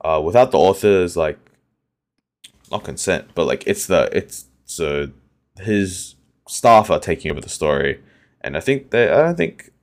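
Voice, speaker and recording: A man's voice: deep voice, big pitch swings, a little slow. A young man hosting a solo podcast, chatting casually and rambling with lots of fillers and restarts. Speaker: podcast host.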